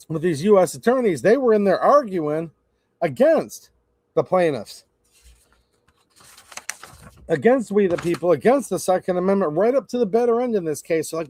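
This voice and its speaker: A man's voice: high voice, very animated, normal speed, long pauses, a little mellow, no echo, studio quality. A man hosting a live stream, giving blunt, opinionated casual commentary and talking straight to his chat.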